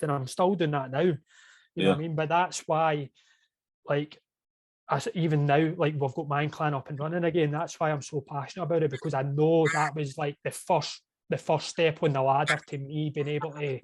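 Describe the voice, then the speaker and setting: A man speaks as a podcast guest over a video call, his voice pitched a little high and the sound close and dry. He tells his story openly and with feeling, often checking in with "you know what I mean?". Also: no echo.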